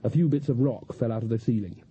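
A male audiobook narrator reading in a dry, measured manner. His voice sounds very husky and breathy, with middling pitch. The recording is slightly dull and lo-fi. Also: mellow. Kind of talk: scripted narration.

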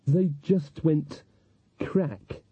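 A man's voice: a little high, very slow, breathy edge, no echo, dull audio, pitched above the performer's own voice, exaggerated voice. A man voicing an anxious young woman, raising his voice into a worried, breathless tone. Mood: fearful. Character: anxious young woman, frightened servant girl.

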